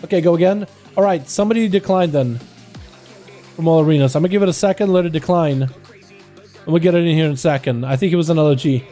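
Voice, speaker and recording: A man streaming live, chatting with his viewers and commentating game duels in an energetic, hyped way. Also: a little high, fast talker, soft background music.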